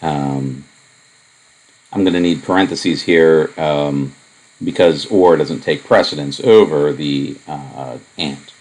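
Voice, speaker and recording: A man lecturing on propositional logic, explaining in a relaxed, wandering way with many asides and fillers. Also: very deep voice, takes it slowly, poor audio. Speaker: math lecturer. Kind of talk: recorded lecture.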